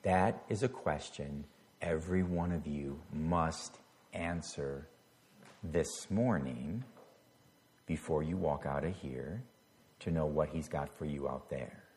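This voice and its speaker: A man's voice: a bass voice, slow pace, a little mellow. A middle-aged man preaching a sermon as pastor, talking conversationally and stumbling over words at times. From United States.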